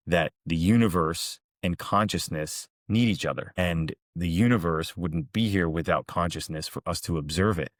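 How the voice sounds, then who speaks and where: Earnest guy musing on parables, deep voice, no room echo. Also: studio quality. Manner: calm, earnest, recounting parables. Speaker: host, executive coach. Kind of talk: reflective storytelling monologue.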